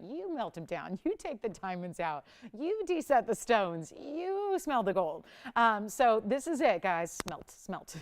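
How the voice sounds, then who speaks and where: A woman's voice: medium pitch, clean tone. A woman hosting a live shopping broadcast, talking through jewelry deals in a chatty, upbeat sales patter. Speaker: shopping channel host. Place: TV studio.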